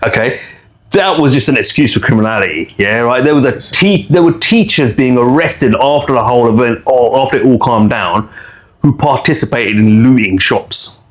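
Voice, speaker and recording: A man, chatting on a podcast in an animated way, repeating words and using slang. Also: medium pitch, moderate pace. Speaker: podcast host. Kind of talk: casual chat.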